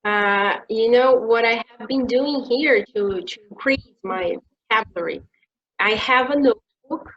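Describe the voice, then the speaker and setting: A woman from Brazil speaks English with a Brazilian accent, her voice sitting a little high. She talks in a measured, explanatory way, like a teacher handing out tips. The sound is dull and lo-fi, as on an online video call. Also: slight background noise. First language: Portuguese. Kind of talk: casual conversation.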